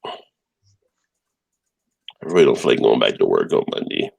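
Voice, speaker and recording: A man hosting a casual live stream chat, rambling in a relaxed way and laughing often. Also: extremely low pitch, moderate pace, gravelly, breathy edge, dry recording.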